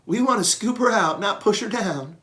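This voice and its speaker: A man voicing a calm, motherly female elephant who leads the herd, speaking firmly and gently. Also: high voice, moderate pace, pitched above the performer's own voice, full character voice. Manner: firm, gentle, in charge.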